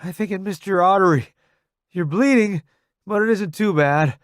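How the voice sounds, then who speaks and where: A man's voice: high voice, moderate pace, fairly bright tone, clean tone, no room sound, studio quality, pitched above the performer's own voice. A man voicing a young male soldier speaking urgently but wryly in the field, in an audiobook. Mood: steady. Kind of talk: audiobook character voice.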